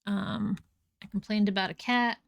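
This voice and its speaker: A woman's voice: medium pitch, fairly even intonation, normal speed, vocal fry. A woman streaming a game live, chatting casually and breaking off to scold and coo at her cats.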